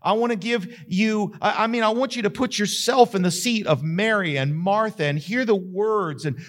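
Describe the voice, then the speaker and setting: A man's voice: high voice, normal speed. A male pastor, preaching a sermon that retells a story dramatically and builds to emphatic questions.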